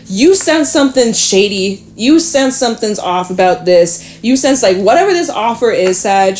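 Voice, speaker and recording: A woman giving a casual tarot reading, talking straight to the listener, chatty and swearing freely, animated at times. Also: mid-range voice. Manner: animated, with sudden laughs and exclamations. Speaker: tarot reader.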